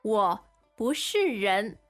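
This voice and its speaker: A woman co-hosting a language lesson, saying model phrases clearly for learners. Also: mid-range voice, soft background music. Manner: clear, slow model phrases with lively intonation.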